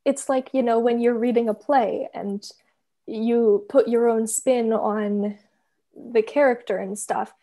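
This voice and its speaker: A young woman from Canada with a slightly high voice, talking casually over a video call. She explains things carefully and hesitantly, leaning on lots of filler words. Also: fairly even intonation, slow, dark tone. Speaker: co-author and reader. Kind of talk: casual conversation.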